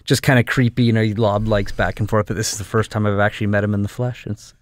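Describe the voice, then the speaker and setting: Fast-talking, low-voiced guest. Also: male voice, slight background noise. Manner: quick, relaxed and joking. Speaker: podcast guest. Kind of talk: casual podcast interview.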